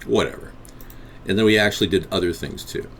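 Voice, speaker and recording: A man's voice: sits low, fairly quick, vocal fry, a bit bright, soft background music. A man hosting a live interactive talk stream, rambling and combative as he answers chat.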